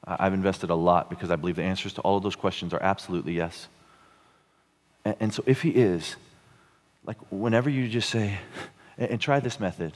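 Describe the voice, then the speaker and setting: A man in his thirties preaching a sermon, telling a story with frequent chuckles and halting restarts. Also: sits low. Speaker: pastor. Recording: long hall reverb.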